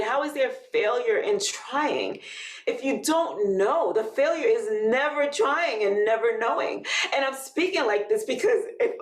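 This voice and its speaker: A woman's voice: high-pitched, echoey room. A woman guest on a podcast, a fitness coach speaking in casual chat, laughing often and encouraging emphatically.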